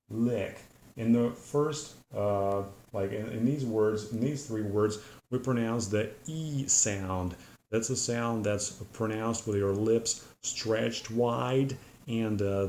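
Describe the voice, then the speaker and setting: Man, low voice, english pronunciation lesson, patient and methodical, frequent hesitations, roomy echo, faint background hum. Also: a little mellow. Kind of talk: explanatory lesson to camera. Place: room with a whiteboard. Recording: echoey room, faint ambient noise.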